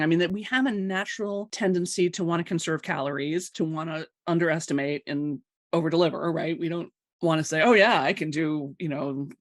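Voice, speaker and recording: Fast-talking woman hosting a live talk. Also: medium pitch, dry recording, studio quality. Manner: chatty, laughs often, acts out dialogue. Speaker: host of a live coaching show. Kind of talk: casual live talk to viewers.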